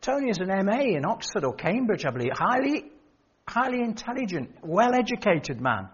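Older male preacher, husky lo-fi sermon. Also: sits high, very animated, normal speed. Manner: storytelling, quoting others, rising emphasis. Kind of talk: sermon with anecdotes. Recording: dull lo-fi sermon recording.

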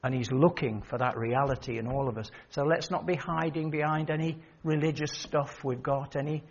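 A man's voice: fairly high pitch, fairly even intonation, moderate pace, husky, muffled recording. An older man preaching an earnest, pleading sermon that rises to emphatic outbursts. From England.

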